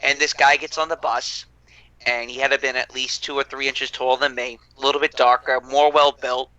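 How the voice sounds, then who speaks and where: Bright-voiced, animated male podcast host. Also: mid-range voice, a little fast, rough recording. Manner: animated storyteller, swears freely. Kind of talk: casual chat.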